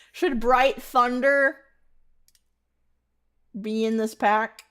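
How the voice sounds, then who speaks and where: A woman's voice: fairly high pitch, fairly even intonation, very slow, fairly bright tone, clear, resonant tone. A woman VTuber streamer in playful live-stream roleplay chat, reading chat submissions aloud and laughing often.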